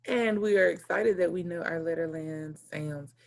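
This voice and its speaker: A woman teacher giving a recorded lesson in clear, deliberate teacher talk, stepping through lists point by point. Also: lowish voice.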